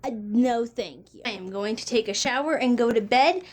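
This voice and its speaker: High-voiced chatty woman in her twenties. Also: normal speed. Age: 20s. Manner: chatty, exasperated, laughs between lines. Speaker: vlogger. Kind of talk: casual vlog chat.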